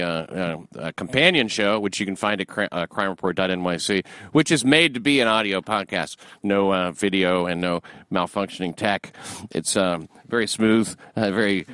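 A man hosting a talk show, rambling in crude casual chat, full of fillers and halting restarts, now and then profane. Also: fairly low pitch, fairly bright tone, no echo. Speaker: radio show host.

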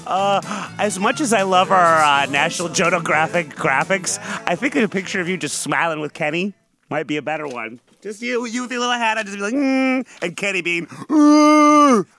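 A man's voice: high-pitched, lively intonation, fairly quick, bright, forceful tone, faint music behind. A man co-hosting a podcast in casual chat, joking and laughing often as he asks guests questions. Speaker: podcast co-host.

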